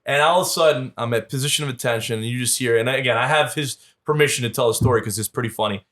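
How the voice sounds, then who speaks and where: A man, telling lively stories as a podcast guest and acting out the voices of the people in them. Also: medium pitch, racing. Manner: animated storyteller, acts out quoted voices. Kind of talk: casual storytelling interview.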